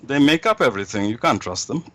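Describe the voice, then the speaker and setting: A man's voice: mid-range voice, sing-song, fast talker, background noise. A man guest in an interview, telling jokes in a rambling way with many restarts.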